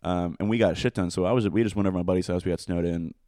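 A man's voice: low-pitched, fairly even intonation, very fast, dark tone, no room sound, studio quality. A young man telling a long, rambling, profane story in casual chat, full of fillers.

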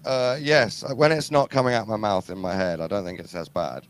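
A man from England with an English accent, a musician guest in a casual interview, talking quietly with dry, wry humor. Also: on the low side, fairly even intonation, brisk, clean tone, rough recording. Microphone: headphones and mic, remote link.

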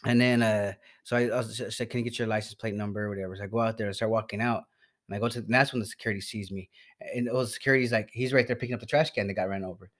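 A man's voice: fairly low pitch, steady tone, very fast. A man telling a long, profane story in casual chat, stumbling over his words and laughing as he goes.

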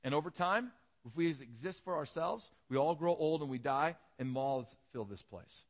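A man's voice: on the high side, expressive, normal speed. A male pastor preaching a sermon and retelling a parable as a vivid, dramatic storyteller.

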